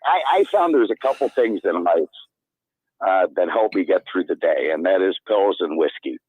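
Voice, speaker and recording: A man talking as a guest in casual chat, rambling and halting in a self-deprecating way. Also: deep voice, lively intonation, husky, dry recording. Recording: tinny, dry phone-like line.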